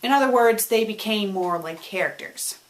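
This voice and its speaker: In a casual vlog, a web show host fields her viewers' questions with a mid-range voice at a moderate pace. She's animated, alternating between excitement and a more subdued tone, and she repeats words after stumbling.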